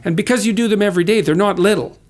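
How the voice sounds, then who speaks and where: A man with a high-pitched, darkish voice talks very fast as a guest author on a conversational podcast. He's earnest and lecturing, dropping sardonic asides along the way.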